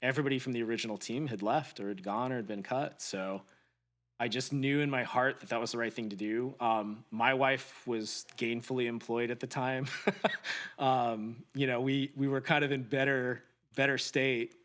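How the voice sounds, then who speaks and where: A man in a guest seat, speaking at a middle pitch, earnest and reflective as he tells a story from his own life. He stops and restarts sentences often, searching for the right words. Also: fairly even intonation, moderate pace, fairly bright tone. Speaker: podcast guest. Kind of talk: personal storytelling in conversation.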